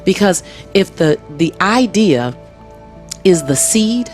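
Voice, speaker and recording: Earnest woman, low register, motivational interview guest, soft music bed. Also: lively intonation, takes it slowly. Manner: earnest, repeats key phrases for emphasis. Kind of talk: motivational conversation. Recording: music playing underneath.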